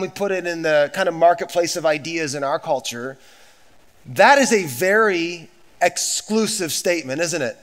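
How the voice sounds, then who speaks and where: A man's voice: fairly high pitch, moderate pace, fairly bright tone. A man preaching a sermon as pastor, emphatic and repetitive, with conversational asides to the congregation.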